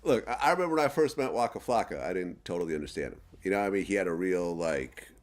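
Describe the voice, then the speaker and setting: A man's voice: low-pitched, lively intonation, fast. A man in a casual debate who keeps challenging the other speaker with questions. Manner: challenging, pushes back with questions.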